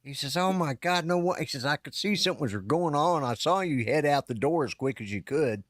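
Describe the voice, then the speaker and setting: A middle-aged or older man tells a long story in loose, casual talk on a podcast. He stops and restarts his sentences, and his voice sits at a middle pitch. The sound is dry and close, with no room echo. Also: lively intonation, a little fast. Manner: rambling, self-interrupting storyteller. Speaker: podcast co-host. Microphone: live-stream call setup.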